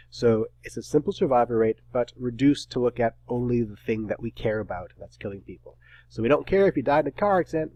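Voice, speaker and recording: A middle-aged male professor lecturing in a brisk, slightly terse way, with a wry edge. His voice sits at an ordinary middle pitch and is recorded dry and close. No room sound is heard around him. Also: a little mellow, no echo, poor audio.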